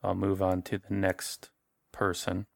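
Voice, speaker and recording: A man serves as game master, narrating a horror tabletop game in a relaxed, conversational way and often rephrasing mid-sentence. His voice sits somewhat low, and the recording is dry and close. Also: unhurried, vocal fry, no echo.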